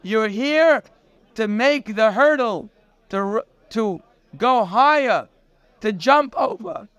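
A man giving a daily morning Torah class, telling the story in an animated way and dropping in Hebrew terms. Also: sits high, takes it slowly, smooth, no room sound. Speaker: Torah teacher.

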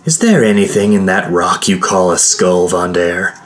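A woman's voice: very deep voice, moderate pace, soft background music. Man putting on a hissing sardonic woman fighter. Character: sharp-tongued fatalistic woman fighter.

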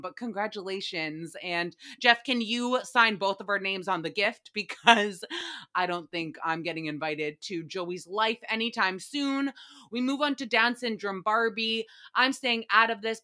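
A young woman hosting a casual recap podcast, animated, profane and giggly as she talks. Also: fairly high pitch. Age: young adult. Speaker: podcast host.

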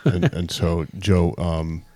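A man's voice: sits low, flat delivery, slow, dark tone. A man hosting a casual podcast, chatty and leading the questions. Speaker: podcast host.

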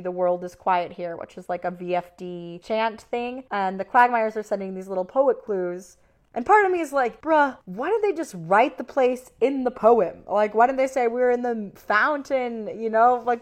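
Chatty, animated woman recapping a series. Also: mid-range voice. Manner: chatty, with many filler "likes"; animated and opinionated, with frequent exasperated asides. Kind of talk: casual episode recap.

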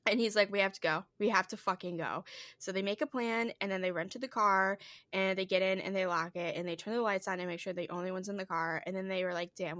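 A woman's voice: medium pitch, bright, forceful tone, no room sound. A woman co-hosting a podcast, telling a spooky story in a loose, casual way, full of "like"s and swearing. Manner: loose retelling with many "like"s and swearing. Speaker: podcast co-host.

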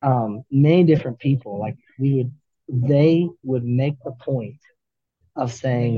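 A man, a firefighter, talking earnestly as a podcast guest, with halting restarts. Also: mid-range voice, husky, no room sound, highs cut off. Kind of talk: candid interview talk.

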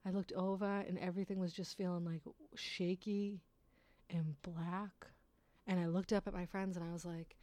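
A woman's voice: lowish voice, flat delivery, moderate pace, dark tone, no echo. A woman telling a rambling personal story in a casual way, swearing often and laughing at herself.

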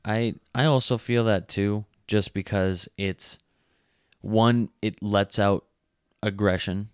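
A young man co-hosting a casual podcast, speaking softly and hesitantly, often restarting his sentences. His voice is very low, smooth and resonant. It is recorded close and dry. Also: fairly even intonation, slow, no echo. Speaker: podcast co-host. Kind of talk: casual chat.

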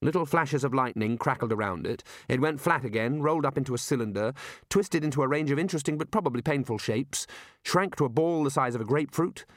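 An audiobook narrator reads a scripted text in a wry, measured storytelling manner. His voice sits in the mid-range, and the recording is studio quality with no room sound.

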